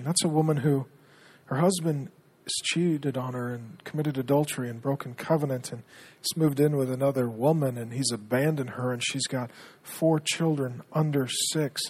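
A middle-aged man preaching a sermon as pastor, earnest, dropping to a hushed tone when telling stories. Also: medium pitch, husky.

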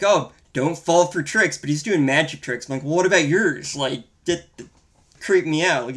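A man's voice: mid-range voice, gravelly, fairly bright tone. A man co-hosting a casual film-review podcast, talking in a wry, rambling, profane way. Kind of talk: casual chat.

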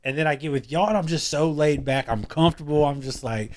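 A man's voice: on the high side, fast talker, a little mellow. A man, a podcast guest talking casually, laid-back and rambling, swearing freely with many restarts. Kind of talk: casual chat.

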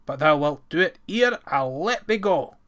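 A man's voice: on the high side, expressive, unhurried, a bit bright. A man voicing a bold, hot-tempered young lad who speaks in old-fashioned, stern phrases. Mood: angry. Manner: old-fashioned thee-and-thou speech, stern.

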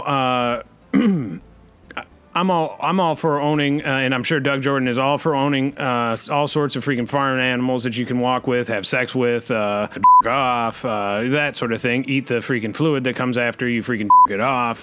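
A man hosting a comedy podcast, rambling in a hesitant, deadpan way with many fillers. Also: mid-range voice. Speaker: host.

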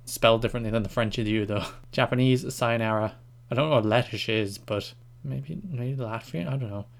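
A man from Ireland hosts a casual one-person podcast in an easygoing, self-mocking way. He trips over unfamiliar words and keeps going with a light, unbothered tone. His pitch sits in an ordinary middle range. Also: a little fast, creaky. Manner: self-deprecating, stumbles over foreign words with laughs. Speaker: podcast host.

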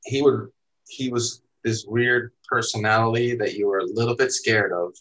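Finnish-born guy rambling through a story, low-ish voice, lots of "like" and "dude". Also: fairly even intonation, normal speed, a bit bright, low-quality recording. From Finland. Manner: laid-back, rambling, heavy use of "like" and "dude". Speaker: interview guest, photographer and former skater. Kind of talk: casual storytelling.

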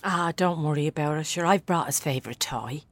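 A young actress with an Irish accent playing a nervous, gentle mother visiting her own mother in prison. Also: deep voice, fairly quick. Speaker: daughter. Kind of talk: film drama acting.

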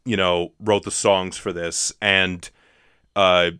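A man co-hosting a podcast, chatting casually about films. He talks in a hesitant, halting way, with fillers and restarts. His voice is bright and a touch low, recorded dry and close. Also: flat delivery, clean tone, no echo. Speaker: podcast co-host. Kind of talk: casual chat.

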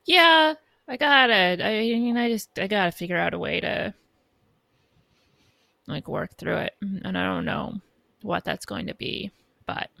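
A woman co-hosting a casual fan podcast, giving slow, measured criticism and laughing easily. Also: medium pitch, vocal fry, sharp tone, no echo. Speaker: podcast co-host.

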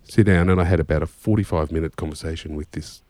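A man with an extremely deep voice spins loose, profanity-laced anecdotes in casual conversation. The sound is dry and close. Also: steady tone, fast, dark tone, no room sound. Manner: swears freely, rambling anecdotes with "anywho". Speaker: musician guest. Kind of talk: casual storytelling chat.

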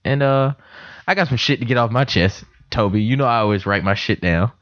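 A man's voice: medium pitch, brisk, fairly bright tone, no room sound. A young man hosting a casual podcast, telling stories animatedly with voiced quotes, recorded at a computer in a house. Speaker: podcast host. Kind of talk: casual chat. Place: room in a house. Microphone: computer mic. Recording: dull lo-fi home recording.

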